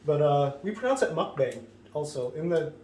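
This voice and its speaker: A man's voice: a little high, expressive, a little fast, mellow. A man hosting a casual food vlog, talking in a rambling, offhand way full of fillers. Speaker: host. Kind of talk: casual chat, comedy skit. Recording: roomy sound from a distant mic, faint noise.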